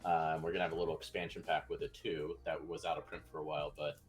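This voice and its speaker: A man's voice: very deep voice, little pitch movement, fast, faint music behind. A man who develops games, chatting casually in a laid-back, rambling, joking way. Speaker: game developer guest. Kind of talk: casual chat.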